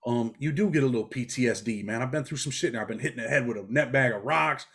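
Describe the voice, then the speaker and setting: A man's voice: medium pitch, fast talker, breathy edge. A middle-aged man from New York, a former prisoner talking bluntly in a casual interview. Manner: blunt, street-talking, animated storytelling.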